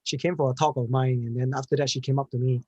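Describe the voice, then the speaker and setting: A man's voice: mid-range voice, fairly even intonation, fast, a little mellow, dry recording, dull audio. A man, a panel speaker giving an earnest, emphatic storytelling answer and often restarting his words.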